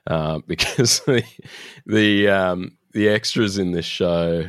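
A man's voice: sits low, slow pace, smooth, no echo, clean studio sound. A man co-hosting a podcast, chatting casually as he recaps an episode, laughing often and using lots of fillers. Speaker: podcast co-host.

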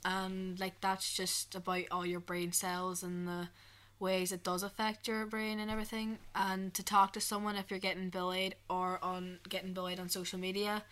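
A teenage girl, co-hosting a youth podcast and outlining topics in a plain, steady delivery. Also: medium pitch, normal speed. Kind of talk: episode overview.

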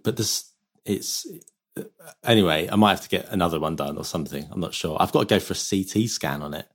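A man's voice: sits low, quick pace. Dry-humored man co-hosting a podcast. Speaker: podcast co-host, trumpet player. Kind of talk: casual chat.

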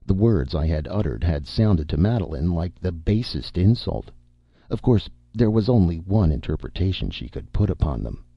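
Male audiobook narrator, very low, gravelly and husky, expressive; slightly dull recording. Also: moderate pace, dry recording. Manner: expressive, melodramatic first-person reading. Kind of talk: storybook narration.

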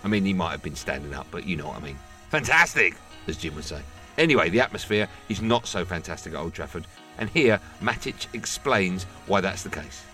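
A man's voice: low-pitched, animated, brisk, fairly bright tone, soft background music. A man hosting a podcast, introducing clips with self-mocking jokey asides. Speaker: podcast host. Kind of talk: light-hearted clip introductions.

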